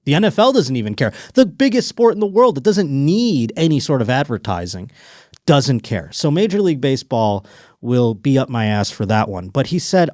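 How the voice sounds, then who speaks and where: A man hosting a comedic podcast alone, riffing in an animated, profane way and slipping into mock voices. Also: medium pitch, normal speed, dry recording, clean studio sound. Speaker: podcast host.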